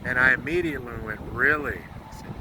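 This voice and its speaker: A man's voice: a little high, a little slow, background noise. An American man telling a moving story in a vlog, earnest and close to tears, swearing bluntly. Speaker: truck driver vlogger.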